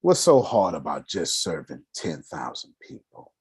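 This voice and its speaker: A raspy-voiced man giving a motivational business lesson, emphatic and casual, firing off rhetorical questions. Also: very deep voice, big pitch swings, unhurried, a little mellow, dry recording. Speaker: business mentor. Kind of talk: motivational teaching.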